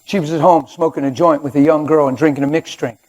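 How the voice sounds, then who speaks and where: A man preaching a sermon, telling his own story and swinging from hushed to loud. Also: a little high, fairly even intonation, fast, low-quality recording. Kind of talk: sermon testimony. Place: church or studio.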